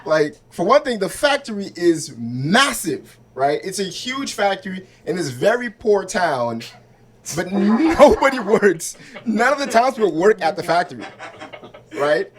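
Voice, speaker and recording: High-voiced stand-up comic at an open mic. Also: male voice, sing-song, measured pace. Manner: conversational, asks crowd for agreement. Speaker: stand-up comedian. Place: small comedy club stage.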